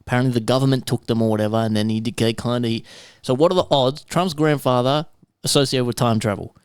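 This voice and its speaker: A man's voice: mid-range voice, fast, clear, resonant tone, no room sound. Australian guy, podcast host, rambling and crude, dry close sound. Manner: rambling, conspiracy storytelling, swears casually. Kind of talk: casual chat.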